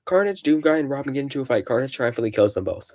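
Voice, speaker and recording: A man's voice: mid-range voice, big pitch swings, racing, a little mellow. A man streaming casually, out of breath, reading game events aloud with rambling, jokey asides.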